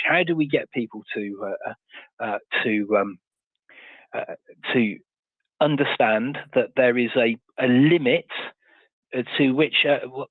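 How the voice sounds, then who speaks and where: A man hosts a live audio chat, working through his points slowly with lots of fillers and rhetorical questions. His voice comes through thin and phone-like. The sound is dry and close. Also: medium pitch, no room sound. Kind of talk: casual live audio discussion.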